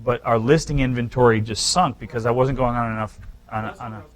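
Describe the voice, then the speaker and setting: A man teaches a live real estate seminar, addressing the room directly with animated, emphatic delivery and frequent restarts. He talks briskly at a medium pitch, and the audio is poor.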